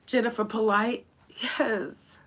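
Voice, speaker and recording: A woman hosting a solo podcast, speaking in a halting, tearful way and pausing often to collect herself, with speech. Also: a little high, steady tone, fairly bright tone. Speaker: podcast host. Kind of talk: emotional solo podcast remembrance.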